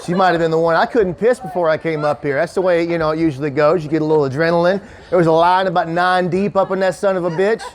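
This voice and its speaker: Rowdy, profane stand-up comic, high voice. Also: male voice, fairly even intonation, fast talker, hardly any pauses. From Kentucky. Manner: loose, profane, laughs at his own lines. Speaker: stand-up comedian. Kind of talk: stand-up set with crowd work. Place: winery comedy show before a live audience. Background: audience laughter.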